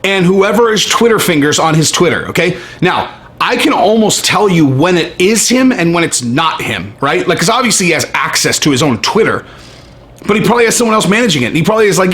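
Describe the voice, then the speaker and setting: A man's voice: fairly high pitch, lively intonation, fairly quick, a bit bright. A man ranting in a casual vlog, brash and profane, stressing his points. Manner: brash, profane, emphatic, keeps saying okay. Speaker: MMA commentary vlogger. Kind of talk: casual opinion rant.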